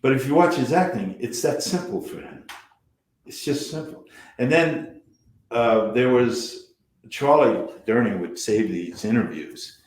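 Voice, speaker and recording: A man's voice: medium pitch, lively intonation, a little slow. An older man, a guest actor, telling stories in casual chat and sometimes trailing off and restarting. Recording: echoey room.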